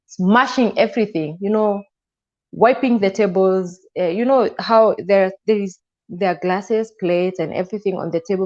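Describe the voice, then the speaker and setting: A woman, a guest on an interview show, animatedly retelling a personal story. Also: mid-range voice. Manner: animated retelling with frequent "and I'm like" asides. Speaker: guest telling her story. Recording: slightly muffled, dull sound.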